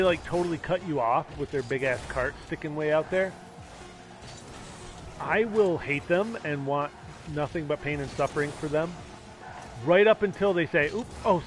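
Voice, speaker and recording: A man on a casual gaming stream, rambling and sarcastic, now and then yelling at his teammates. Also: on the high side.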